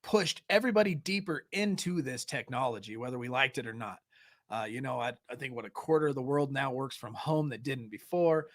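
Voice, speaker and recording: A man's voice: medium pitch, a little fast. An American man hosting a podcast, chatting casually in a rambling, talkative way with frequent laughs. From United States. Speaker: podcast host. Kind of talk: casual chat.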